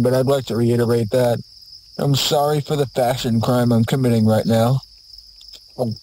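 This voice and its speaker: A man's voice: mid-range voice, a little mellow, slight background noise, low-quality recording. Rambling nervous man in a night forest. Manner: nervous rambling, stammers and swears as he lists apologies. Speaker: video creator. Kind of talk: mock apology monologue in a horror comedy short. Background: faint crickets and insects.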